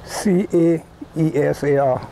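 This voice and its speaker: A man's voice: a little high, fairly even intonation, takes it slowly, vocal fry, mellow, poor audio. A man who works on the dock, speaking cheerfully in an interview. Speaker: dock worker. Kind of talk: casual interview. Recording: faint noise, off-mic.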